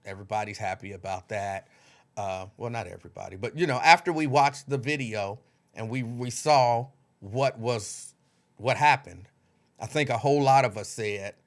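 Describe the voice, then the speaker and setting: Guy hosting a livestream, kinda high voice, bouncy chatty delivery. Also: fairly bright tone. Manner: conversational, greets viewers by name, loose informal speech. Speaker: livestream host. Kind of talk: casual livestream chat, reading viewer comments.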